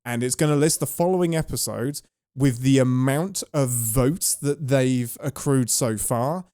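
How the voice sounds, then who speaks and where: An enthusiastic man co-hosts a casual podcast chat. His voice is mellow and relaxed, and it is recorded close and dry. He laughs easily and speaks with ready eagerness. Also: medium pitch, a little slow, no echo. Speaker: podcast co-host.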